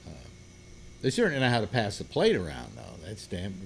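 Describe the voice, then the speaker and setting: Older male host, lively rambling voice. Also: on the low side, fairly quick, slight background noise. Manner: rambling, with many fillers and restarts. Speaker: radio host. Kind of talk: casual group chat.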